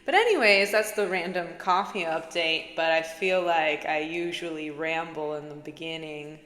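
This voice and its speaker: Laid-back woman vlogger, lowish voice, rambling casual chat, recorded in a reverberant room. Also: a bit bright. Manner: chatty, giggly, says "like" a lot. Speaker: spiritual vlogger. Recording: echoey room with long reverb.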